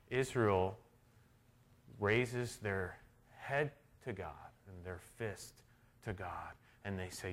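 A middle-aged male pastor preaches a sermon in a low, slow voice. He shifts from hushed storytelling to loud, emphatic declarations.

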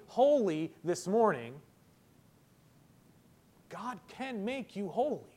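Man, pastor, sermon, high voice, emphatic, rises and drops in volume. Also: very animated, slow pace, long pauses, darkish tone. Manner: emphatic preaching, voice rising and falling, repeats words for stress.

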